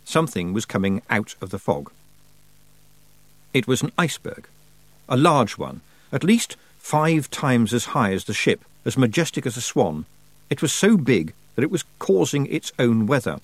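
A man narrating a fantasy audiobook with expressive storytelling. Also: medium pitch, normal speed, no echo.

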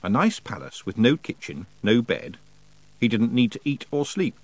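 A man reading a novel aloud as narrator, with measured, expressive storytelling. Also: medium pitch, no room sound, rough recording. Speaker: audiobook narrator. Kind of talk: scripted narration.

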